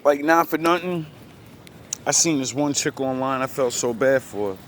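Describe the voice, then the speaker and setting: A man's voice: mid-range voice, moderate pace, fairly bright tone, slight background noise. A man in casual chat, telling a rambling story full of profane street slang.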